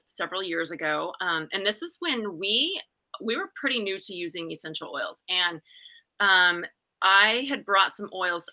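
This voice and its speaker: Bright-voiced chatty middle-aged woman. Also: on the low side. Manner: chatty, animated retelling with laughs and restarts. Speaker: guest. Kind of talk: casual storytelling chat.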